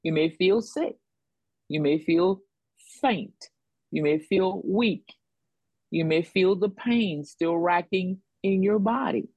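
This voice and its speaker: A woman preaching in a call-and-response rhythm, leaning on repeated phrases to drive each point home. Her voice is breathy and soft-edged. The sound is dry and close, with no room around it. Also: on the low side, slow pace, no room sound, highs cut off. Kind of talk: sermon.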